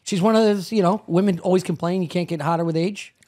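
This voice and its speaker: A man in his forties co-hosting a comedy podcast, riffing loudly and crudely with lots of laughter. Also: sits high, steady tone, fast talker. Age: 40s. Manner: loud, crude, laughing riffs. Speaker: podcast co-host. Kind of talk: casual comedic banter.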